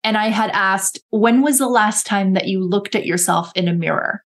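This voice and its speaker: A woman's voice: mid-range voice, normal speed. A woman coach talking earnestly in a casual podcast conversation, often acting out her own inner dialogue in quoted voices. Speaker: guest coach.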